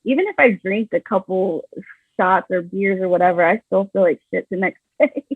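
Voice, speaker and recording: A woman in her thirties hosts the interview, her voice raspy with a gravelly fry. She comes through a thin, phone-like line with a dry, close sound. She chats loosely and laughs often. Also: medium pitch, moderate pace, dry recording. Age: 30s. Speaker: podcast host. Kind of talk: casual chat interview.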